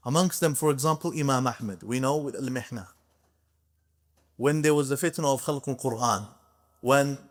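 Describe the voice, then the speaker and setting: A man giving a religious history lecture as a guest speaker in a mosque hall, telling the story with emphasis, swinging between quiet and raised delivery. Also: fairly high pitch.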